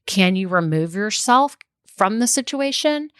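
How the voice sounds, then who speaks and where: A woman's voice: mid-range voice, animated, unhurried, clear, resonant tone, dry recording. Chatty woman podcaster, dry sound. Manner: chatty, laughs often, goes on tangents. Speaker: podcast host and business coach. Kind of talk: casual solo podcast talk.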